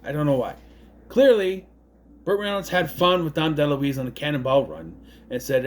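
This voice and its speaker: A man giving a casual, rambling film review, full of puzzled asides and quick mocking impressions. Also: on the high side, lively intonation, a little hiss or hum.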